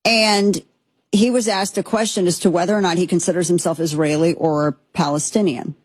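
A woman's voice: on the low side, steady tone, normal speed, slightly rough, no echo. A woman hosting a political commentary show, speaking in an emphatic, impassioned way that rambles with restarts. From United States.

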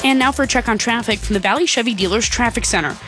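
A woman reporting news, traffic and weather for a radio station in a steady read. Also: a little high, fast, loud music behind the voice. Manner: crisp, steady newsreader delivery.

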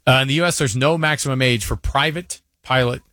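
A man's voice: medium pitch, brisk, no echo, clean studio sound. A man in his forties co-hosting a radio show, telling rambling stories in casual chat and acting out other people's voices. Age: 40s. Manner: rambling, animated storyteller who acts out voices.

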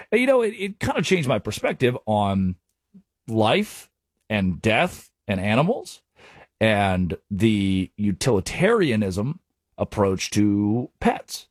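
A young adult man hosting a sports radio show, telling rambling stories in an animated monologue. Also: on the low side, slow, dry recording, clean studio sound.

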